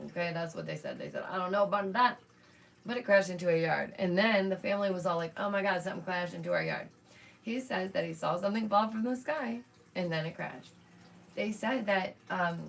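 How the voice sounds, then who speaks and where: A woman's voice: fairly low pitch, vocal fry, a bit bright. A woman hosting a casual live stream from home, chatting to her viewers as "y'all" with lots of asides and small laughs. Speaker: streamer and channel host.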